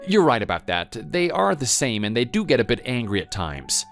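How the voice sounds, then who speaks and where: A calm husband, voiced by a man, tries to smooth over a family fight in a text-story drama. His placating voice has lively pitch movement, with faint music behind it. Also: fairly quick. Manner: soothing, placating. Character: calm husband who plays peacemaker.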